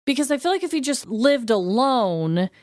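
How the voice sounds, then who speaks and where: A woman's voice: high-pitched, sing-song, moderate pace, a little mellow, dry recording, clean studio sound. A woman co-hosting a podcast, switching between scripted narration full of puns and casual, giggly chat. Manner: pun-laden storytelling, chatty and giggly. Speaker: podcast co-host.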